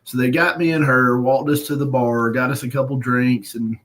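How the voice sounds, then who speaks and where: A man's voice: mid-range voice, little pitch movement, moderate pace, a bit bright, poor audio. Profane man telling a bar story. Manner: profane, blunt, laughs at his own story. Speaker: podcast host. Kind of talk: casual storytelling on a live stream.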